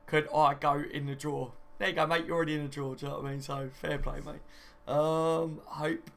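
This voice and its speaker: In a slightly high, gravelly and fairly bright voice, a young man reads out viewer comments on his live stream. He keeps things chatty and matey, regularly using "mate" and "do you know what I mean."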